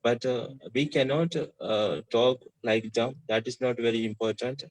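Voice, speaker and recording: A man from India with an Indian accent, explaining slowly with many pauses and fillers in a casual online discussion. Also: medium pitch, no echo, rough recording. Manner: hesitant, frequent fillers, plain explanatory. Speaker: discussion participant.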